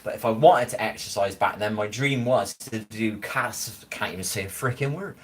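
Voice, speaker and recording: A man with a lowish voice talks at a normal pace, reading chat on a live stream and chatting casually with viewers. He banters and swears now and then, and the recording sounds rough.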